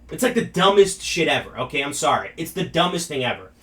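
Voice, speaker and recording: A man's voice: fairly high pitch, big pitch swings, fast talker, hardly any pauses, a bit bright, recorded from a distance. Man ranting profanely about politics. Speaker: show host. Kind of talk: heated political commentary.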